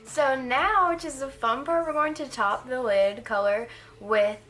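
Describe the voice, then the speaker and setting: A woman's voice: sits high, measured pace, fairly bright tone, faint music behind. Chatty eighteen-year-old woman doing makeup. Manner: chatty and rambling, with lots of "like" fillers. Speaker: makeup vlogger. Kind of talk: casual makeup tutorial.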